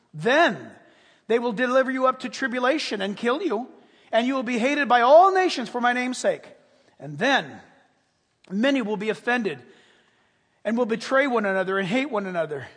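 A man preaching a sermon as pastor, dramatic and animated, swinging between loud bursts and hushed, intimate tones. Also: extremely high pitch. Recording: long reverb of a large hall.

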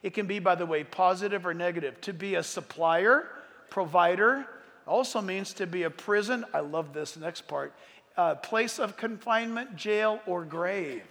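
Teaching Bible prophecy from the pulpit, a man preaches at a moderate pace in an echoey, reverberant hall. As a pastor, he reads scripture loudly and emphatically, then lowers his voice for asides.

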